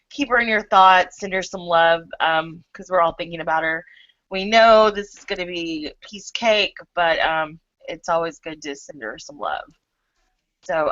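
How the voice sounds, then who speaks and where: A woman's voice: fairly low pitch, fairly bright tone, dry recording, muffled recording. A woman hosting a casual online chat show, chatty and loose, with a lot of filler words. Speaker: host.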